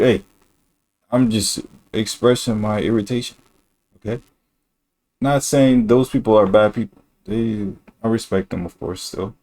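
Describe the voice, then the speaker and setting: A man's voice: fairly low pitch, moderate pace, darkish tone. A male streamer talking in a rambling, slangy and blunt way during a casual reaction stream.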